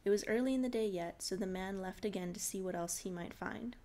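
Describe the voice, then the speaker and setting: A woman reading a short fairy tale aloud in a relaxed, informal way, laughing off her slips. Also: medium pitch, a little fast. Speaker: storyteller.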